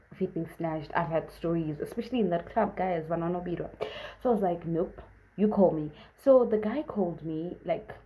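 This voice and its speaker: A young woman from Zimbabwe tells a casual storytime tale to her viewers. Her voice sits low and mellow, and it leaps up sharply whenever she acts out someone else's lines. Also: rough recording. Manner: animated, acts out quotes with big pitch jumps. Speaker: vlogger.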